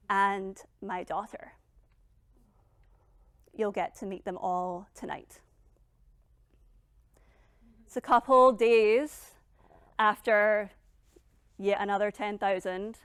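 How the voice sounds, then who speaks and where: Woman, motivational keynote speaker, middle-aged, emphatic, blunt, dramatic pauses, smooth clear tone. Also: mid-range voice, no echo, studio quality.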